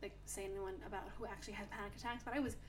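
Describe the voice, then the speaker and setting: A woman's voice: mid-range voice, steady tone, racing, slight background noise. A young woman co-hosting a podcast, chatting casually and telling stories with lots of "like" fillers. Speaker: podcast co-host. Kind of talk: casual chat.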